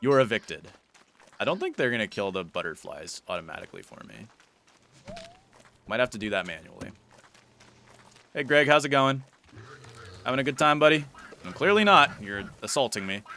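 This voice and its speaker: A man's voice: medium pitch, big pitch swings, normal speed, long pauses, pushed and bright, slight background noise. A man giving casual, playful gameplay commentary as a YouTuber, teasing and chatting to the creatures in his game. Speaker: gaming YouTuber.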